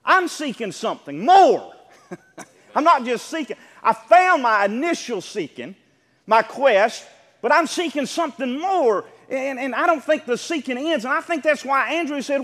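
A pastor with a high-pitched male voice delivers an emphatic, unhurried sermon, his pitch swooping up and down in big swings as he builds toward near shouts. His words ring out through the church sanctuary with a long reverb.

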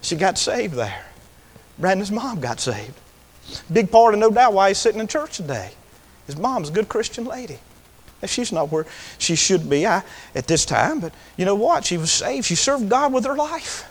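A man preaching a revival sermon in a church. He moves from hushed storytelling to shouted, drawn-out calls. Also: sits high, sing-song. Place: church sanctuary. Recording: long reverb of a church hall.

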